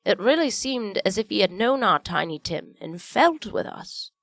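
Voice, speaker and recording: A woman's voice: medium pitch, very animated, moderate pace, vocal fry, dry recording, voice pushed up. A woman reading aloud, voicing a humble, kindly father who speaks earnestly and tenderly to his family. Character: kindly humble father, gentle and warm-hearted.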